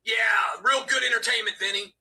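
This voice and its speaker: Very high, piercing man ranting on a stream. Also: normal speed, vocal fry, recorded from a distance. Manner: yelling, taunting, repetitive. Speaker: live stream co-host. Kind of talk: live stream rant.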